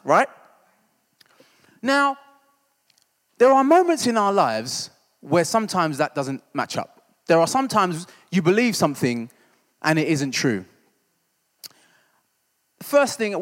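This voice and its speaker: A church discipleship leader from London's East End preaches a funny, story-driven sermon in a high voice. He's conversational and self-deprecating, constantly asking "right?", and the sound carries the ring of a big room.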